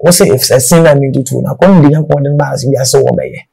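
A man's voice: medium pitch, rapid-fire, vocal fry, warm tone, breathy edge, poor audio. A man, answering questions in an interview, emphatic and repeating himself as he mixes Twi and English. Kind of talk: casual interview.

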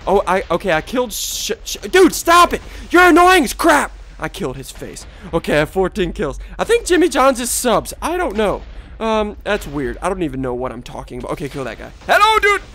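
A man with a stuffy, congested voice giving excitable live gameplay commentary as a video host, yelping and trash-talking opponents. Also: high-pitched, a little fast.

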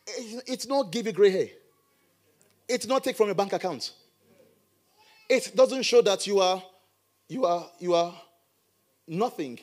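Middle-aged guy preaching, fairly high voice, lively and joking with the church crowd. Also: takes it slowly, pauses often. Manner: animated preaching with playful asides. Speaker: pastor. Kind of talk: sermon.

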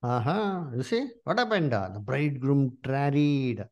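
A man teaching a Bible study, asking his listeners questions and filling pauses with "uh" and "you see.". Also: mid-range voice, lively intonation, darkish tone, highs cut off.

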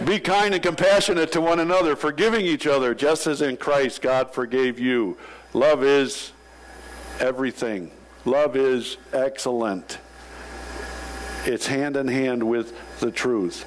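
A male pastor preaching a sermon, telling jokes and stories in an animated way. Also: mid-range voice, measured pace, slight background noise, low-quality recording. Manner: animated storytelling with joking asides. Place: church sanctuary.

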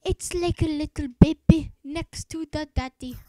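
A young woman talks through her gameplay with goofy, playful trash talk. Her voice is high and mellow, with the stuffiness of a sore throat and blocked nose. She speaks slowly, close to a dry mic. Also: fairly even intonation, no room sound. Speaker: gaming video host. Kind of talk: casual gameplay commentary.

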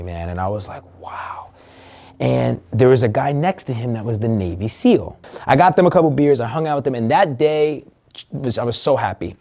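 Earnest man with a dark, mellow voice. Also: medium pitch. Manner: earnest, emotional, swears casually. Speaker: interview guest, entrepreneur. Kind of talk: candid personal storytelling.

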